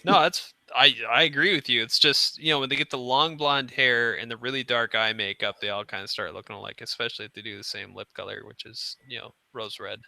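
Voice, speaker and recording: A man chatting casually on a video call, easygoing and agreeable, often answering with a quick "mm-hmm.". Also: medium pitch, steady tone, gravelly, pushed and bright, dry recording. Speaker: guest in an online hangout. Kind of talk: casual chat.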